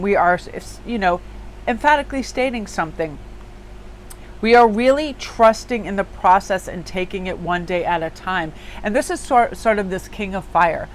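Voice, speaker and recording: A woman reads tarot cards in an easygoing, conversational way. Her voice sits at a middle pitch, and she talks emphatically, with plenty of filler words. There is a faint hiss of noise underneath. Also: poor audio. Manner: chatty and emphatic, lots of "like" fillers. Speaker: tarot reader and small business owner. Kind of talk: casual daily tarot reading.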